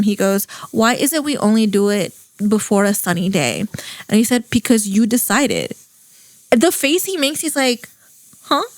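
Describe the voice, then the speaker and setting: A woman's voice: on the high side, dry recording. A young woman hosting a podcast, chatting casually and gushing as she retells a show's story. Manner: gushing, animated storytelling with lots of "like". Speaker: podcast host. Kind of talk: casual chat.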